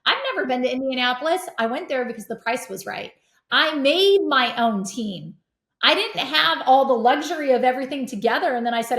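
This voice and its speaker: Middle-aged woman, animated storyteller with a fairly high voice, in an echoey room. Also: a little fast. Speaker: podcast guest, real estate investor. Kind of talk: casual conversation. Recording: roomy echo.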